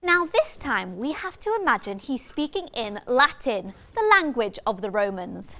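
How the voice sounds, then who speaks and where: A woman's voice: on the high side, big pitch swings, moderate pace, fairly bright tone. A woman narrator adding dry explanatory asides in a history lesson. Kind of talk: educational narration.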